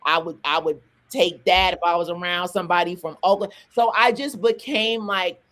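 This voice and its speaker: Her pitch fairly low, a rapper in her forties talks casually as an interview guest; she's from Atlanta in the American South but has a neutral accent. Animated and fast, she tells stories in bursts, breaking off to restart and add asides.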